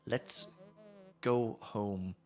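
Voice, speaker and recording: A scornful female dark double from a video game, speaking low and hushed with cold condescension, as a man reads her lines. Her voice sits quieter and deeper than the reader's own bright delivery. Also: fairly even intonation, drawn-out words, soft background music.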